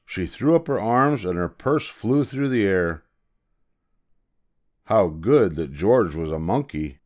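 An older man narrating a children's picture book aloud in a gentle, expressive storytelling manner. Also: low-pitched, takes it slowly.

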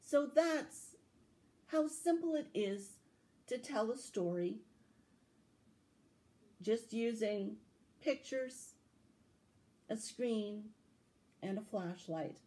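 A woman telling a story to children at a library, with a slow, expressive, sing-song delivery. Her voice sits a little high but sounds soft and mellow rather than bright. She takes an unhurried pace. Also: poor audio. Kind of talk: read-aloud story and tips for children.

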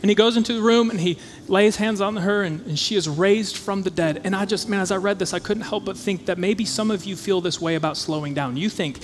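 A man preaching a sermon as a pastor, conversational and animated, acting out the voices of his listeners. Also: high-pitched, fairly quick, few pauses, slight background noise. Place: church auditorium. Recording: church hall reverb with faint music.

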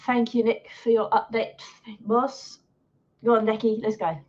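Woman yelling at the telly during a live watch-along, swears a lot, kinda muffled lo-fi audio. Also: a little high, measured pace. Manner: excitable, swears and heckles the players and referee. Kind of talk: live match commentary. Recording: dull lo-fi sound.

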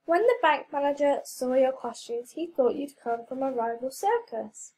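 Woman reading a calm kindly school head. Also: sits high, low-quality recording. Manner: calm and measured.

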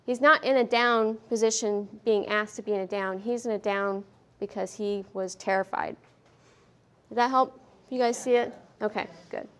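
A woman giving a veterinary behavior lecture at a conference, lively and questioning the audience, acting out what the dogs feel. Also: mid-range voice, normal speed. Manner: lively, asks the audience questions, acts out dogs' thoughts. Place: conference hall.

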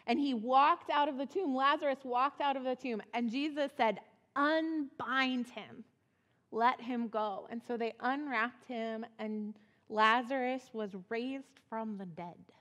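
A woman telling a Bible story as a children's sermon, in a casual, animated way, acting out the quotes. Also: fairly high pitch, unhurried, dull audio. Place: church sanctuary. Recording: long church reverb.

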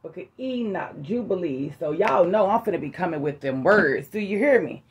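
A woman's voice: on the low side, lively intonation, normal speed, muffled recording. A woman giving a casual, emphatic sermon to her online viewers, calling them family in a folksy way. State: out of breath. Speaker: online preacher. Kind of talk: casual prophetic sermon vlog.

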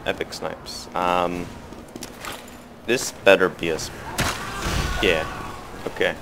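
A man giving comic commentary over his own gameplay, swinging from mumbling asides to sudden loud excited shouts. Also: sits low, slow, creaky, noisy background. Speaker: gaming commentator. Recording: loud game music and gunfire behind.

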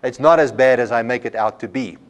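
A man's voice: mid-range voice, a little fast. Man lecturing a Bible college class. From South Africa. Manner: explains with homely examples, repeats words when restarting.

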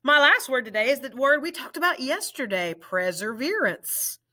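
A woman teacher leading a children's reading lesson, drawing out each word slowly and praising the learners warmly. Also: high-pitched, sing-song. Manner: slow, drawn-out word drills with encouraging praise.

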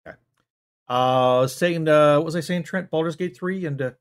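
A man hosting a comedy show, stammering and exasperated as he argues with a silent sidekick, now and then bursting into yelling. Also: fairly high pitch, normal speed, smooth. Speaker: show host. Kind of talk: comic monologue arguing with a silent sidekick.

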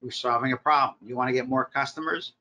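A man's voice: mid-range voice, steady tone, fast talker, pushed and bright, lo-fi sound, a little hiss or hum. A man, a marketing professor, leading a recorded workshop lecture, speaking in short punchy directives and rhetorical questions.

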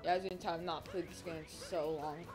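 A woman hosting a gaming channel, chatting casually through a speedrun race with lots of "like" and sudden excited outbursts. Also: lowish voice, fast talker. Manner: rambling, filler-heavy, excitable outbursts. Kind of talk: casual gameplay commentary. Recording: game music playing loudly behind. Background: game music.

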